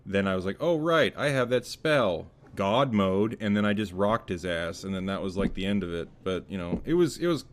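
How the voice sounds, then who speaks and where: Man, podcast co-host, casual chat, swears a lot, lively storyteller. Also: low voice, moderate pace, few pauses. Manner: swears freely, animated storytelling.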